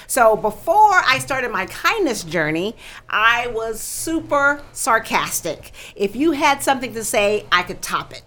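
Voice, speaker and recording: Woman guest, animated storyteller, bright voice, swooping pitch. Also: measured pace. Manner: animated, expressive storytelling, laughs easily. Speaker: guest, founder of a kindness campaign. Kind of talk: talk show interview.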